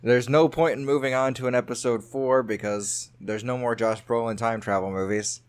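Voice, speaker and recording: A man's voice: mid-range voice, fairly even intonation, moderate pace, smooth. A man co-hosting a podcast in casual chat, jokey and loose, laughing often. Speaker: podcast co-host.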